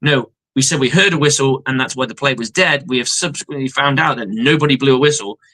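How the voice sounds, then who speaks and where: A man's voice: mid-range voice, quick pace, a bit bright, poor audio. A man co-hosting a live sports reaction stream, heated and profane, acting out exchanges between referees. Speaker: co-host. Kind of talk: casual sports reaction chat.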